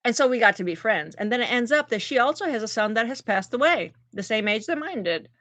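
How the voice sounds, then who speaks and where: A middle-aged woman vlogging, telling a personal story in an emotional, animated way to camera. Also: on the high side, fairly quick, no room sound. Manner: emotional, animated, talks to her dogs mid-story.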